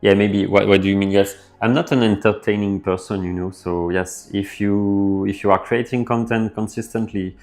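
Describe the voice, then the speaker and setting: Speaking at a normal speed with few pauses, the relaxed coding streamer reads out messages from chat and answers them off the cuff, filling his thoughts with fillers. His voice is lowish, and faint music plays behind.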